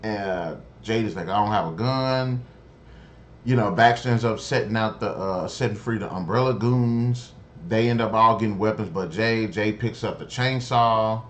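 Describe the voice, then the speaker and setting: A man's voice: lowish voice, normal speed, hardly any pauses, fairly bright tone. A man giving a casual spoken review of a TV episode, rambling, swearing freely and sounding exasperated. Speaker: show reviewer.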